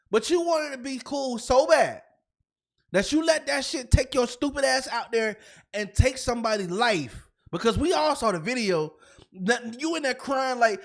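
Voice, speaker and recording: High-pitched ranting man with a gravelly edge. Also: expressive, normal speed, fairly bright tone. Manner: profane, emphatic, repeats himself when fired up. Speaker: podcast co-host. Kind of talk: heated comedic rant.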